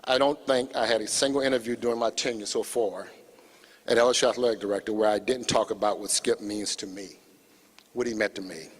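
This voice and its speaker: A man's voice: fairly low pitch, steady tone, a little fast, husky, long reverb tail. A man from Louisiana, an athletic director, giving a prepared, earnest tribute to his late mentor at a memorial service.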